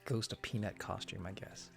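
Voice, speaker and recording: Tired, gravelly-voiced stream host. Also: low voice. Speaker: livestream host. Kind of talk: casual ASMR stream chat.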